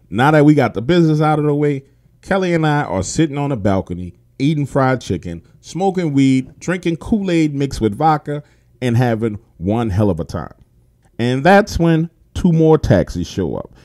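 A man telling his own story in a casual, animated way, swearing freely and talking straight to his listeners. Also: medium pitch. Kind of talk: casual first-person storytelling.

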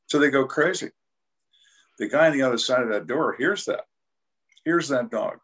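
A man's voice: medium pitch, expressive, moderate pace, long pauses, fairly bright tone, husky. An older man, a retired homicide detective, telling cases as an interview guest in a blunt, dry and dramatic way. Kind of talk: storytelling interview.

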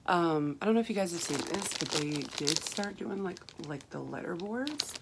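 Soft-spoken woman with a froggy, gravelly voice. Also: fairly low pitch, expressive, normal speed. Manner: soft-spoken, rambling with fillers and restarts. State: rough, froggy voice with throat clearing. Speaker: craft haul vlogger. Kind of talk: casual chat. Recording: clear background hiss, crinkling packaging.

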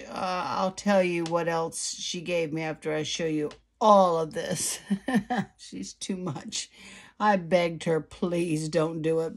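A low-pitched woman talks casually into her phone at home. She rambles warmly through fillers and restarts, showing off crafts to viewers. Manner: chatty, many fillers and restarts. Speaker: card-making vlogger. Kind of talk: casual chat to camera. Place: at home, indoors. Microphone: phone camera.

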